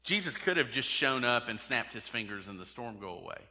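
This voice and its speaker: Bright-voiced preacher in a reverberant hall. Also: male voice, mid-range voice, sing-song, a little fast. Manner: conversational, asks the congregation direct questions. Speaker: pastor. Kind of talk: sermon.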